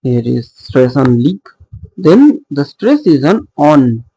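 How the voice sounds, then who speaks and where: A man's voice: medium pitch, big pitch swings, takes it slowly, warm tone, breathy edge, low-quality recording. A man teaching a lesson on poetic meter. He talks hesitantly, with many fillers and self-corrections, and asks the class rhetorical questions that he answers himself. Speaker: literature teacher.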